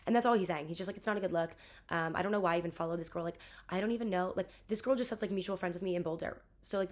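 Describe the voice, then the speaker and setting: A young woman in her twenties telling a rambling storytime vlog, venting and exasperated, full of "like" and acted-out quotes. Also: lowish voice. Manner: rambling, heavy use of "like", quoting others. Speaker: vlogger.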